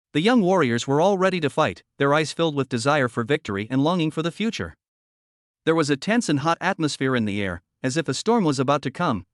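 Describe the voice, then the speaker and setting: Male audiobook narrator, higher pitch, even and steady, dry studio sound. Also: no room sound.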